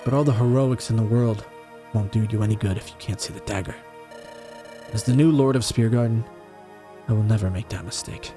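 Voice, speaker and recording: A man's voice: on the low side, fairly quick, long pauses, warm tone, close to an everyday voice. A man voicing a scheming, wounded older noble brother who mutters with contempt, over faint music. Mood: cold. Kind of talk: fan audio drama acting.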